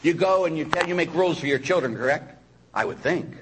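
A man, a priest, preaching a sermon in an animated way, full of rhetorical questions and quick asides. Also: on the high side, a little hiss or hum, poor audio. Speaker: Catholic priest.

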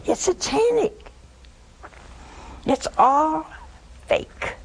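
A woman's voice: mid-range voice, animated, measured pace, slightly rough, low-quality recording. A woman hosting a religious call-in show, preaching emphatically with sarcastic asides.

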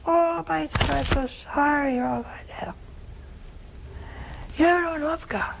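A fiery old village priest, preaching hellfire in a shrill, wailing voice that jumps far above the speaker's usual register and pushes louder, as a woman puts him on. Each line lands as a scolding cry at the crowd. A faint hum sits underneath. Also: a little slow, vocal fry, full character voice. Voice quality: high-pitched, wailing.

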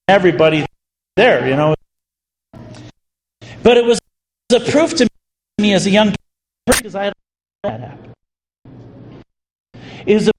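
A male associate pastor, telling a story in a sermon with lively swings in pitch. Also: slight background noise. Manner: animated, swings pitch for emphasis. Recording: echoey hall reverb.

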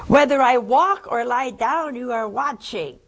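An older woman preaching a folksy, animated sermon, swinging between loud bursts and hushed asides. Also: a little high, gravelly, poor audio.

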